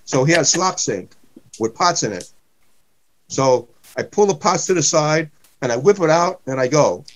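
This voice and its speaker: A man's voice: on the high side, expressive, normal speed, rough recording. A man, a comedian guest telling rambling anecdotes in casual chat. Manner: rambling anecdotes, repeats himself.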